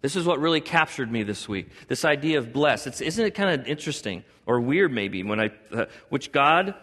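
A middle-aged man preaching a sermon to a congregation as pastor, animated, joking and acting out little dialogues. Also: brisk, big-room sound. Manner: animated, acts out dialogue with God in a higher voice; jokes and laughs with the congregation.

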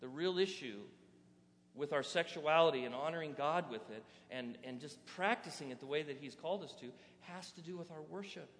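Animated male pastor preaching in a hall. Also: a little high, a little fast. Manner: animated preaching, rhetorical questions to the audience. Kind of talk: sermon. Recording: reverberant hall.

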